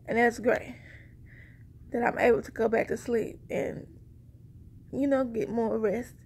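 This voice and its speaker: A woman's voice: on the high side, fairly even intonation, unhurried, slight background noise. A woman chatting casually to her viewers in a rambling, conversational way, a little short of breath. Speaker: vlogger sharing a pregnancy update. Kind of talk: casual chat to camera.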